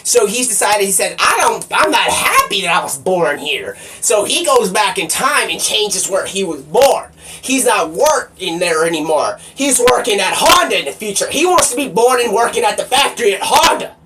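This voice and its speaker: A man streaming live, rambling excitably and swearing a lot, sometimes shouting. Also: high voice, normal speed. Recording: distant mic with faint background noise.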